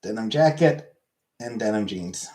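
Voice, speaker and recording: A man's voice: lowish voice, animated, a little slow, a little mellow. A Canadian man with a Canadian accent, hosting a casual streamed chat in a rambling, joking way with frequent fillers. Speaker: streamer host.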